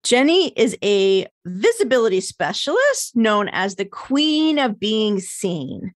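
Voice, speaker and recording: A woman's voice: mid-range voice, very animated, takes it slowly, no room sound, studio quality. An American woman hosting a podcast interview, chatty and casual, laughing often and swearing freely. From United States. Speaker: podcast host.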